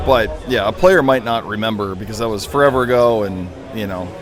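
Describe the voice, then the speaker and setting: A man on a live panel who tells quick, animated stories and readily agrees with the others. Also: lowish voice. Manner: animated, agreeable, laughs at his own stories. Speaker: veteran dungeon master guest. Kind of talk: casual panel chat. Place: outdoor festival stage. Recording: live outdoor recording with music. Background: music playing.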